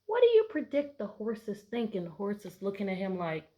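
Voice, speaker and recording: A woman's voice: medium pitch, wildly swooping pitch, brisk, highs cut off. A woman teacher reading a picture book aloud to her class, patiently asking prediction questions between pages. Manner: bright, playful voices for story animals.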